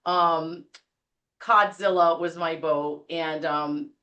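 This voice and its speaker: A woman in her fifties with a New England accent, a guest telling stories on a podcast in a lively, laughing way. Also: sits low, takes it slowly, highs cut off. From Rhode Island, USA. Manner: animated, laughing storyteller. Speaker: guest realtor. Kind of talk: casual podcast storytelling.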